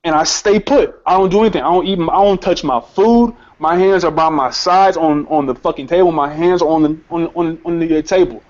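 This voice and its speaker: A young man with a fairly high voice tells a personal story on his show. He talks in a heated, profane way, tripping over repeated words as the memory shakes him. The recording is slightly muffled and lo-fi. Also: fairly quick, few pauses, a little mellow. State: emotionally shaken. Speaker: host.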